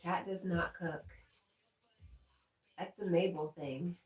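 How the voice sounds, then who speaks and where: Chatty low-voiced woman on a roomy stream. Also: fairly even intonation, takes it slowly, a little mellow. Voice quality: chatty and giggly, talks back to viewers. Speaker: livestream host reading viewer chat. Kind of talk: casual live chat. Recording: roomy echo, distant from the mic.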